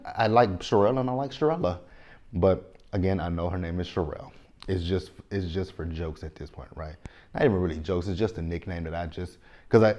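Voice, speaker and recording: A man's voice: lowish voice, dark tone, muffled recording. A man in his thirties with a Southern US accent, rambling casually and informally through a TV episode recap. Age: 30s. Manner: chatty, rambling, informal with slang. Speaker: TV show recap vlogger. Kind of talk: casual show review.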